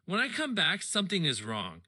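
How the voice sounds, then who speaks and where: A man reading a story aloud in the first person, in an animated, expressive way. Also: high voice, normal speed. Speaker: audiobook reader.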